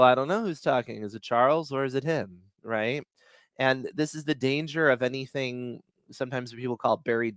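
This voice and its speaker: A man's voice: medium pitch, a bit bright, clear, resonant tone, no room sound. A man explaining dialogue writing in a loose, conversational way, with many fillers and restarts, and he chuckles often. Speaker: writing instructor. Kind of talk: casual teaching talk.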